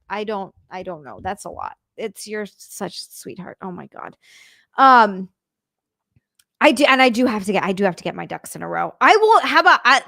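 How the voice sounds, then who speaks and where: A woman chatting casually on her livestream, reading comments aloud in a rambling, halting way and swearing freely. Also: a little high, pushed and bright, no echo, studio quality.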